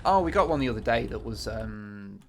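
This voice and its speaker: A man's voice: lowish voice, animated, fairly quick, a little hiss or hum. A man streaming a game, chatting casually with a co-host, rambling and swearing, with lots of fillers. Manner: rambling, profane, full of fillers. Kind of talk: casual gaming chat.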